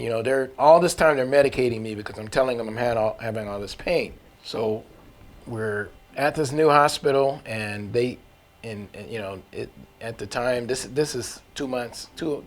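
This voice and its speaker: A man tells his own faith testimony in a relaxed, conversational way. He is earnest and candid, often restarts his sentences, and uses folksy turns of phrase. His voice sits at an ordinary middle pitch. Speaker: testimony speaker.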